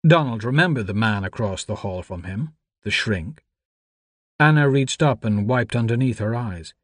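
A man narrates an audiobook from a script in a measured, even storytelling manner. His voice sits fairly low, and the recording is dry.

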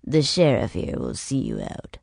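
Casting: woman playing an easygoing middle-aged boss in an audiobook, gravelly, lively pitch. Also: a little slow, no room sound, studio quality, exaggerated voice. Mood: genial. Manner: warm and easygoing. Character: genial middle-aged male boss, acting mayor.

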